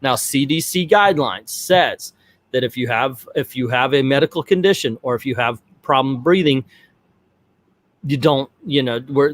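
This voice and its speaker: A middle-aged man hosting a casual vlog, telling a personal story in a rambling, animated way. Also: medium pitch, no echo. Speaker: vlog host.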